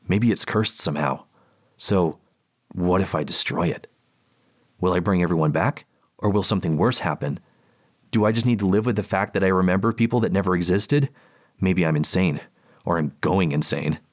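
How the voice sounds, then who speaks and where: A man narrating a first-person audiobook in a tense, panicked inner voice. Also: sits low.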